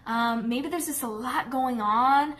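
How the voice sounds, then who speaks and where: A woman's voice: sits high, slow, fairly bright tone. A woman dog trainer talking casually to camera, chatty and candid, often checking in with her viewers.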